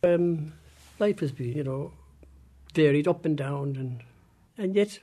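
An elderly Irish man with a husky, breathy voice that sits a touch high for his age. His tone is soft and mellow, and he talks in a halting, plain way, often trailing off mid-thought. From Ireland. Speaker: interviewee, former industrial school resident. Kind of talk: recorded interview recollection.

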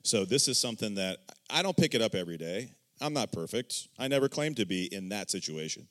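A man sharing his own testimony in a casual church discussion, animated and acting out the dialogue he quotes, often checking in with "right?". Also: on the low side, fairly quick.

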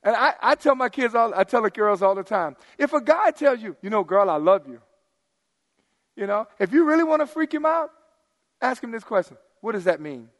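High-voiced animated preacher in a hall. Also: male voice, normal speed. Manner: animated, swings from loud emphasis to hushed asides. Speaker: pastor. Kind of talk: sermon. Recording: long hall reverb.

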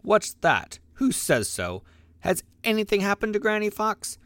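A man's voice: mid-range voice, big pitch swings, a little fast, no room sound, studio quality, close to an everyday voice. A man voicing a proud, hot-tempered young male fox in a storybook reading, snappish and boastful. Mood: alarmed.

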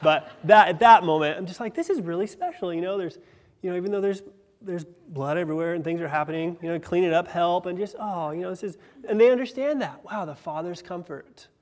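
Male pastor in his 30s, earnest sermon delivery with loud and soft swings, slightly high voice, reverberant church hall. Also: fairly quick. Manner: earnest preaching, swells louder on key phrases, drops soft on others.

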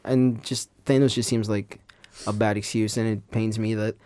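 A man's voice: fairly low pitch, steady tone, moderate pace, dark tone, no room sound. A man co-hosting a film review podcast, talking in a dry, sarcastic way in casual chat. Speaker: podcast co-host.

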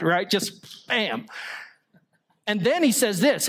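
A man's voice: high voice, animated, a little slow. A male pastor delivering a sermon, explaining scripture through rhetorical questions and the occasional small joke.

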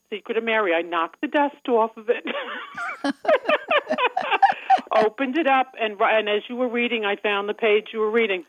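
A woman's voice: medium pitch, no echo. Chatty Long Island woman on the phone. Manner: chatty, laughs often. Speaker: caller. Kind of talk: casual phone call. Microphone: telephone. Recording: muffled phone line.

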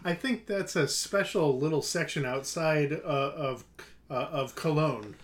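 A man's voice: on the high side, over a noisy crowd. Easygoing male podcast co-host. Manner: easygoing, agreeable, quick banter. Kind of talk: casual movie-review chat.

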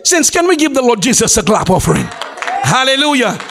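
A male pastor preaching a sermon in an exclamatory style, calling out to the congregation and often laughing and shouting for emphasis. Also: very high voice, sing-song, brisk, gravelly, crowd noise, background noise. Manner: exclamatory preaching with call-and-response.

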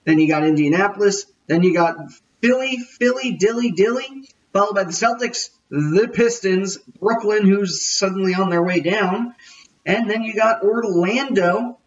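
A man's voice: high-pitched, moderate pace, distant mic, lo-fi sound. A man hosting a casual sports podcast, jokey and rambling, often correcting himself. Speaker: podcast host.

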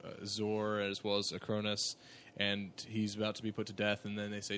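A man co-hosting a casual movie podcast, calmly moving the talk from topic to topic. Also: on the low side, fairly quick, a little hiss or hum. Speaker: podcast co-host. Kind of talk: casual movie-review chat.

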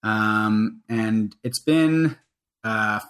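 A man's voice: lowish voice, drawn-out words, a bit bright. A man from Canada co-hosting a casual podcast chat, rambling, restarting his sentences and swearing offhand. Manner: rambling, self-interrupting, sweary. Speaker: podcast co-host.

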